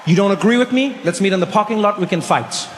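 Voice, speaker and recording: A middle-aged man from South Africa doing stand-up comedy storytelling, animated and acting out characters with big pitch jumps, on a large theater stage. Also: quick pace, noisy background. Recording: live hall with long reverb, faint ambience.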